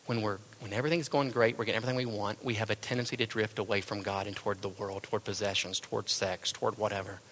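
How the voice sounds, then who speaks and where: A male pastor preaching a sermon, firing rhetorical questions and then dropping to hushed tones. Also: on the low side, steady tone, quick pace, hardly any pauses, slight background noise.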